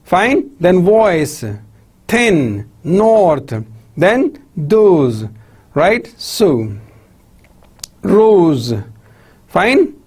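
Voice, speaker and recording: A man's voice: sits high, very animated, very slow, pauses often, a little mellow, husky. A male lecturer with a Pakistani English accent, drilling example words for students and checking in with "right?" after each set. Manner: addresses listeners as "my dear students". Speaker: university lecturer. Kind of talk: recorded lecture on pronunciation.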